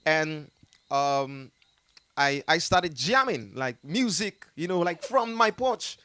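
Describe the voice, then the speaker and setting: A man's voice: fairly high pitch, lively intonation, takes it slowly, pushed and bright, clear, resonant tone, no room sound. A man with a Jamaican accent telling a story in a casual interview, rambling with many fillers and frequent laughter. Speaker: artist telling his story as a guest.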